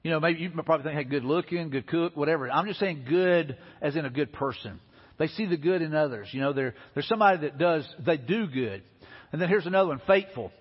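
A man's voice: fairly high pitch, expressive, brisk, breathy edge. A middle-aged man, preaching a sermon as pastor in a folksy, conversational way. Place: church sanctuary. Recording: dull lo-fi audio in a reverberant hall.

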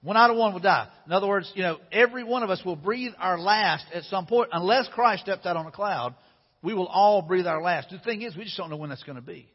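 High-voiced husky male pastor preaching. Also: brisk. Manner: conversational, repeats phrases. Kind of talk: sermon. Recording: dull sound with long hall reverb.

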